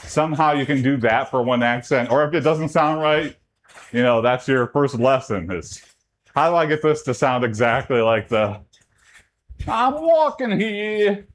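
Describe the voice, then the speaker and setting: A man in casual livestream chat, rambling from one thought to the next. His mid-pitched voice leaps up sharply whenever something excites him. He talks to his viewers while working out. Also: moderate pace, slight background noise. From Texas. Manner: chatty, rambling, pitch jumps up when excited. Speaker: streamer.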